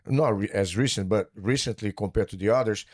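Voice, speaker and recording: A man hosting a podcast, asking questions slowly and deliberately. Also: fairly low pitch, no echo, studio quality. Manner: slow, deliberate questioner with short backchannels. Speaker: podcast host, interviewer. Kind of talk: measured interview questions.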